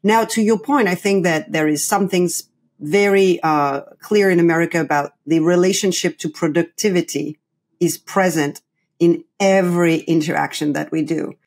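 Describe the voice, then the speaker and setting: A middle-aged woman from France with a French accent, a coach talking as a podcast guest, lively and laughing often. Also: on the low side, normal speed. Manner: lively, laughs often, acts out imagined quotes. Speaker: guest, play coach and company founder. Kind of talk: conversational podcast interview. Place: New York.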